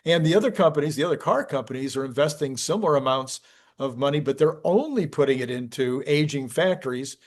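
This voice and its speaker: A man with a fairly high voice hosts a relaxed conversation. He keeps agreeing with "right" and laughs easily between his own points. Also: brisk. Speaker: show host. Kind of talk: casual conversation with a guest.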